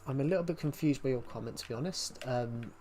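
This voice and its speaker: A man's voice: mid-range voice, fast, dark tone, soft background music. A young British man chatting casually on a livestream, rambling with many restarts and answering viewer comments. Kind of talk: casual stream chat.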